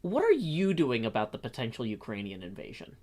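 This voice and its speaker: A man's voice: mid-range voice, wildly swooping pitch, fairly quick, a little mellow. Rambling man in casual chat. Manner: rambling, many restarts and fillers. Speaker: streamer and host.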